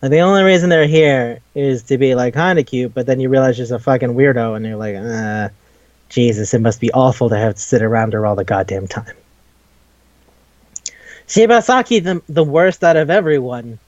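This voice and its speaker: A podcast co-host chats casually, rambling and swearing as he recaps scenes and slipping into brief put-on voices for characters he quotes. His pitch is ordinary, and the recording is dry and a little dull, with no room sound.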